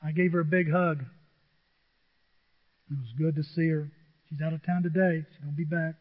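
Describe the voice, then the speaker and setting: Animated high-voiced male pastor preaching. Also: moderate pace. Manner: animated, joking, acts out quotes in different voices. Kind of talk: sermon. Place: church sanctuary. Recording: dull lo-fi audio in a large reverberant hall.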